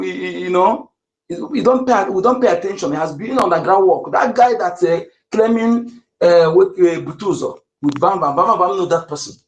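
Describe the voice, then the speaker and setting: A man's voice: sits high, roomy sound, low-quality recording. A man speaking heatedly and emphatically on an online audio space, repeating himself as he makes accusations.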